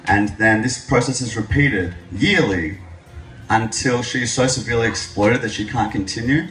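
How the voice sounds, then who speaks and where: A young man giving a public speech, telling his story with lively jokes. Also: medium pitch, normal speed. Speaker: speaker at an event. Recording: echoey hall, mic from a distance.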